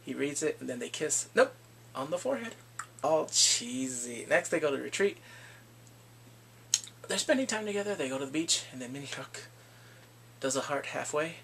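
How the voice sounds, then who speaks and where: A man giving a casual recap of drama episodes. He talks in an animated way, acts out the characters and laughs often. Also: fairly high pitch, normal speed, vocal fry, long pauses, slight background noise. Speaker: drama reviewer.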